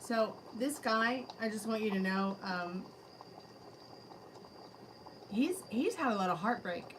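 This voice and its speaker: A woman's voice: medium pitch, animated, takes it slowly, a bit bright, slight background noise, low-quality recording. A woman giving a live-streamed tarot reading, chatting casually and addressing spirits and her chat directly. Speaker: tarot reader. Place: her home.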